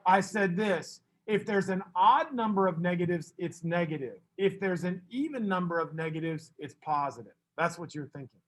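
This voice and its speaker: A man teaching a math class, brisk and teasing, fussing at students and then reassuring them. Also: high voice, a bit bright.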